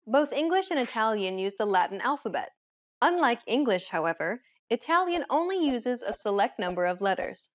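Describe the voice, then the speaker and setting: A woman hosting a language lesson, explaining the rules in a clear, measured scripted narration. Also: a little high, big pitch swings.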